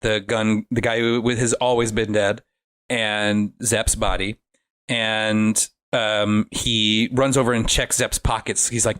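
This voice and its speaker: Animated man recapping a film. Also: on the low side, slow, clear, resonant tone. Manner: animated storytelling with frequent swearing. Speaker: guest. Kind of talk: casual podcast film recap.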